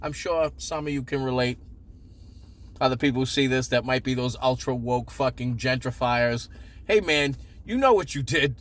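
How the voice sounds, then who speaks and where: A man with a Boston accent telling a story in a profane, sarcastic, animated rant. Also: medium pitch, moderate pace. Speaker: vlogger. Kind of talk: ranting story time.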